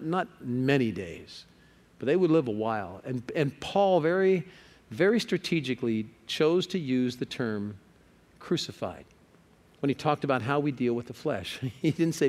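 A man preaching a sermon, lively and conversational, stammering on words and putting questions to the congregation. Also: medium pitch. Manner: lively, repeats words when stuck, asks the crowd questions.

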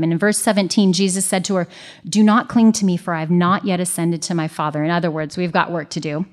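A married woman giving an earnest, conversational Bible study teaching, mixing scripture reading with personal asides. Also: on the low side. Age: young adult or middle-aged, married mother.

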